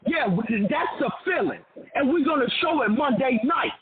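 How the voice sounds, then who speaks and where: A fired-up male caller on a sports talk show, emphatic and fond of repeating himself for effect. His voice sits very high. He comes through a thin phone line with a crowd clearly audible behind him. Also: lively intonation, moderate pace.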